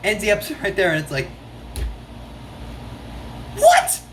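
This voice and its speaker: Casual reviewer, excitable, lots of filler words and restarts, middle pitch, faint background hiss. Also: rapid-fire. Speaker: show reviewer.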